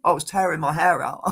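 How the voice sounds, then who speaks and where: A man's voice: a little high, fairly bright tone, breathy edge. A man from England, a guest on a podcast, telling stories and giving blunt opinions in casual chat. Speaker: guest, disability cricketer.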